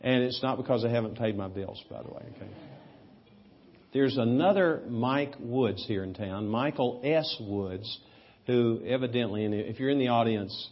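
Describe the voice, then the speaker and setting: Man, pastor, sermon, husky, humorous storytelling, loud emphatic bursts, muffled recording. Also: medium pitch, moderate pace.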